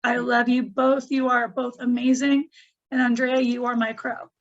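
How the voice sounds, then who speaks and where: Woman, high and gravelly, heartfelt team tribute near tears, dull lo-fi audio. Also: little pitch movement, normal speed. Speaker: team member. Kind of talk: emotional tribute on a call.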